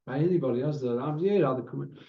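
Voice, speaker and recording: A man's voice: mid-range voice, fast talker, phone-quality sound. Exasperated man ranting, roomy sound. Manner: exasperated, leans on tag questions. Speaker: boxing commentary host. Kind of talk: casual ranting commentary.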